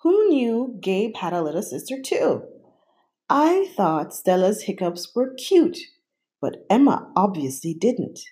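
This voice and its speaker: A woman reading a children's picture book aloud in an expressive, unhurried way. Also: mid-range voice. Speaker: storyteller.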